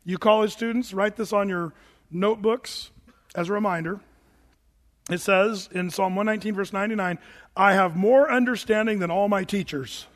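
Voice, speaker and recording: A man preaching a sermon as pastor, animated and emphatic, slipping into quoted voices as he reads and jokes. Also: sits high, normal speed. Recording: long hall reverb.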